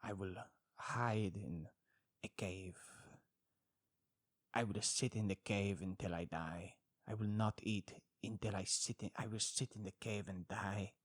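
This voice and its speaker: A grand, mournful mock-Italian man, put on by a man in an exaggerated fake Italian accent. The voice is low and drawn out, every line stretched slowly for drama. It sounds close and dry. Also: fairly even intonation, no echo. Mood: grim. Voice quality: slow, theatrical, drawn-out delivery.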